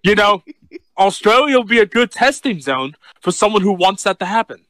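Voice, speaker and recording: A man chatting as a podcast co-host, rambling and self-mocking in a casual, animated way. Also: high voice, normal speed, no echo. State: deaf in left ear. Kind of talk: casual chat.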